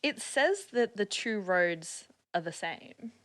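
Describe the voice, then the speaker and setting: Aussie woman on a podcast, bright voice, chatty and giggly, goes on explaining stuff. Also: medium pitch, sing-song, slow. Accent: Australian. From Australia. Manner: chatty, laughs often, explains at length. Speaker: podcast guest. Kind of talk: casual chat.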